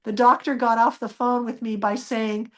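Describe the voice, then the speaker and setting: A woman with a fairly high voice tells a personal story in an interview. She speaks earnestly and acts out remembered dialogue by lifting her voice. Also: little pitch movement, normal speed. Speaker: interview guest.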